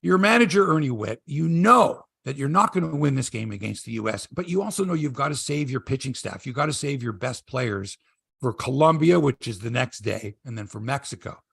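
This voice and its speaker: A man's voice: a little fast, creaky, husky, no room sound, clean studio sound. A middle-aged man hosting a sports podcast in casual chat, telling stories and acting out quotes in a raised voice. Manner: animated storyteller, acts out quotes in a high voice.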